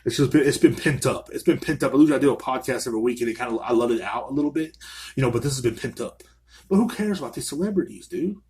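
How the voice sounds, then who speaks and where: A man's voice: mid-range voice, lively intonation, quick pace, darkish tone. A man hosting a solo podcast, ranting angrily and swearing constantly from a small room. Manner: angry, profane ranting. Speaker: podcast host.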